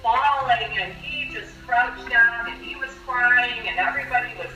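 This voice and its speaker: A woman's voice: on the high side, steady tone, moderate pace, bright, forceful tone, recorded from a distance. A middle-aged woman, the player's mother, telling the story vividly and with emotion in a casual interview. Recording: roomy, off-mic sound.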